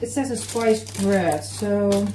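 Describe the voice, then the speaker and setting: A woman's voice: mid-range voice, slow pace, heavy background noise. A woman chatting casually in her home kitchen while baking and tasting, thinking aloud as she goes. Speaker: cooking vlogger.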